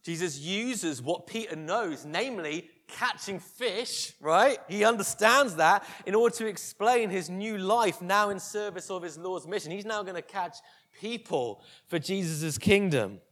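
A man preaching a sermon, telling a scripture story vividly and dropping to a hush for tender moments. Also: high-pitched, animated, a little slow.

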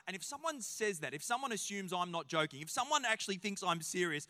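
A man in his forties with an Australian accent, preaching a sermon as a pastor in a lively, joking storytelling way. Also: high voice, fast talker, few pauses, in a large hall.

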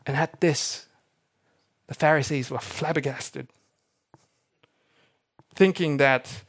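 A man's voice: fairly high pitch, slow, pauses often. A young adult man preaching a sermon, telling the story with energy and acting out the characters he quotes. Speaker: pastor.

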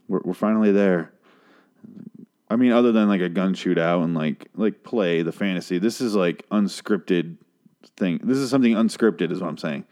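Talking at a normal speed in a somewhat low, slightly mellow voice, a man rambles through a recap of a TV episode. His speech is profane and full of restarts, and he mimics the characters by jumping into an exaggerated, raised voice.

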